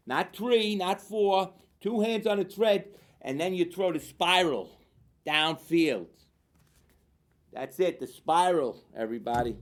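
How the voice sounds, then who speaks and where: A man's voice: high voice, measured pace. Brash New man picking games. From Staten Island, New York. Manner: brash, rambling, loud asides to viewers. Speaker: TV host. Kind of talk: sports betting picks show. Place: local TV studio.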